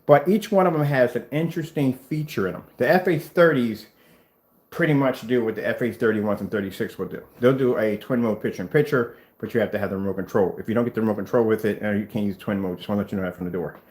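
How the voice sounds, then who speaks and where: A man's voice: fast talker, a little mellow. A man who owns a screen paint business, talking casually on camera in a rambling, emphatic way from his workshop. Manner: rambling and emphatic, mimics others in high voices. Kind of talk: casual vlog rant. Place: workshop room with projectors.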